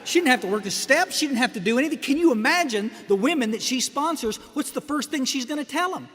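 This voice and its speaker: A man's voice: extremely high pitch, animated, fast, few pauses, a bit bright. Wry middle-aged man in an echoey hall. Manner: wry and joking, with frequent restarts and asides to the crowd. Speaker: speaker at a recovery meeting. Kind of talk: humorous personal talk to an audience. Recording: echoey hall with faint background noise.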